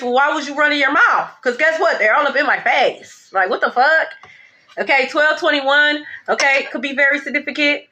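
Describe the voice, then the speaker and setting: A high-voiced woman runs through a casual tarot reading. Her tone is bright and sharp, and her delivery is blunt, emphatic and full of profanity. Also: moderate pace. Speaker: tarot reader.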